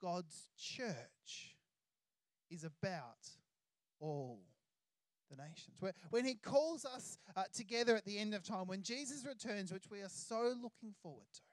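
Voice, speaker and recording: An Australian pastor preaching a sermon, emphatic, stretching key words out slowly. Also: mid-range voice, dry recording.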